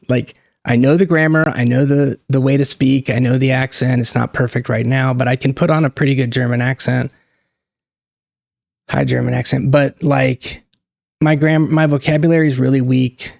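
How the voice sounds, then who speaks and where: Man, channel host, casual monologue, rambling, self-interrupting, gravelly voice, dry close sound. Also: mid-range voice, fairly even intonation, normal speed, darkish tone, no echo.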